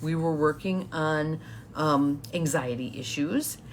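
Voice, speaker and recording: Chatty woman coach, lowish voice. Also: takes it slowly, a little hiss or hum. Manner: chatty, laughs often, greets viewers. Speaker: empowerment coach. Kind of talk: live-streamed coaching talk.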